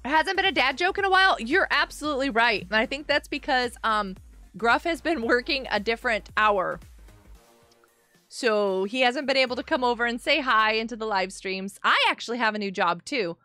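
Bubbly high-voiced woman gamer. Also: expressive, moderate pace, pushed and bright, no echo, soft background music. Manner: bubbly, chatty, giggly. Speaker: streamer. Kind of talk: live gaming stream chat.

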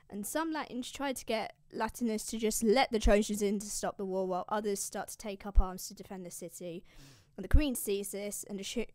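A woman's voice: mid-range voice, darkish tone, dry recording, studio quality. A woman host giving a casual, slangy, swearing recap of an ancient epic. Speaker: classics video host.

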